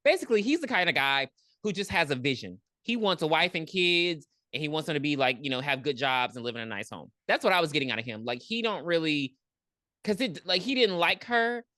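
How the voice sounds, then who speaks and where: Low-voiced, blunt woman podcaster. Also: fairly quick, no room sound, clean studio sound. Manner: blunt, profane, animated. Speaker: podcast co-host. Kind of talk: casual movie recap chat.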